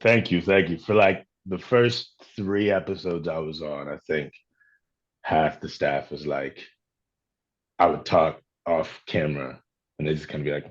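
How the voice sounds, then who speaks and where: A man from Chicago, an actor being interviewed, talking reflectively and telling stories in a relaxed way. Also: a bass voice, a little slow, dull audio. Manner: reflective, storytelling with quoted voices. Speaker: actor guest. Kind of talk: casual interview talk.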